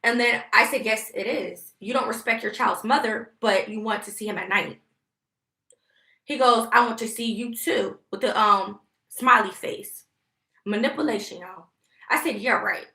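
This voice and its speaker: A woman tells a personal story straight to her viewers, emphatic and profane. Her voice sits a little high and has a gravelly fry. The sound bounces around a reverberant room. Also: normal speed, sharp tone. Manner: emphatic, heated, profane, addresses viewers directly. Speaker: vlogger. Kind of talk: casual venting storytime to viewers. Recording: echoey room.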